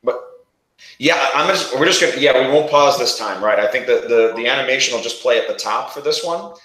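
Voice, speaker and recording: A man's voice: medium pitch, lively intonation, a little fast, a bit bright, roomy sound, low-quality recording. A man hosting a casual promo chat, talking freely with frequent restarts. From New York area. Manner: chatty, restarts often. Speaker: host.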